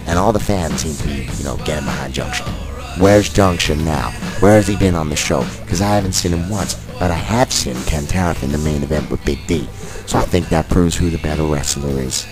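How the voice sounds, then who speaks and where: Male wrestling commentator, very low voice, opinionated, excitable, over background music. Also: a little fast. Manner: opinionated, excitable, biased toward one wrestler, mock-fearful outbursts. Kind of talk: play-by-play commentary of a video game wrestling show. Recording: music playing behind.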